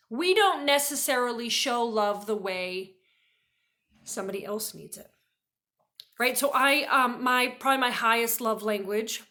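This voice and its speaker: A woman educator talks through a lesson in a relaxed, chatty way, stopping often to check in with her listeners. Her voice is bright and a little sharp, set somewhat high for a woman. She tells her stories with lively energy. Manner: chatty, peppers talk with "right?"; lively storyteller who acts out quoted voices. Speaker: behavior educator. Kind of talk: casual teaching talk to camera.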